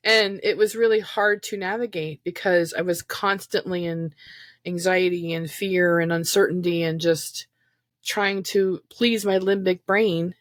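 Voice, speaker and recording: With a lowish, fairly even voice at a slightly slow pace, a woman co-hosts a trauma recovery podcast over a remote call. Her chat is casual, reflective, and rambling with fillers, and there's no echo.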